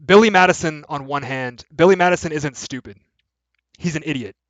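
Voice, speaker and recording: A man's voice: fairly high pitch, a little fast, dry recording. A young man hosting a video, giving rambling, filler-heavy, profane opinions in casual commentary. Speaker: video essay host. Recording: dry, slightly dull lo-fi audio.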